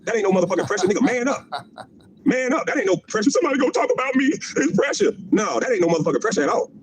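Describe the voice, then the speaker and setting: A man's voice: extremely high pitch, big pitch swings, racing, noisy background. A middle-aged man delivering a profane, mocking livestream rant, repeating his jabs and laughing at them. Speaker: former pro basketball player ranting on a stream.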